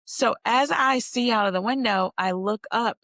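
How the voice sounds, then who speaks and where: A woman's voice: fairly high pitch, moderate pace, a bit bright, no room sound, studio quality. A young adult woman telling a personal story to camera in a candid, casual way, talking straight to her viewers and swearing freely. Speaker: vlogger sharing a personal story.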